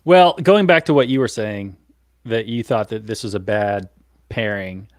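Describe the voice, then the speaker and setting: A man taking part in a casual discussion, speaking in a measured, thoughtful way. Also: on the low side, no echo, studio quality. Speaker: podcast panelist.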